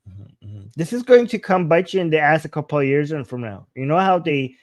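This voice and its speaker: A man's voice: on the high side, sing-song, brisk, no room sound, clean studio sound. A man co-hosting a casual livestream chat, easygoing, laughing often and restarting his sentences. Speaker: co-host.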